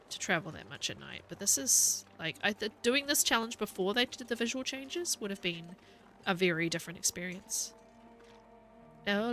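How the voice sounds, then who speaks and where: Lively, bright-voiced woman commenting on gameplay. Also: mid-range voice, a little hiss or hum. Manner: chatty, thinking aloud, chatting to her dog. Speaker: gaming video creator. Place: home room with her dog.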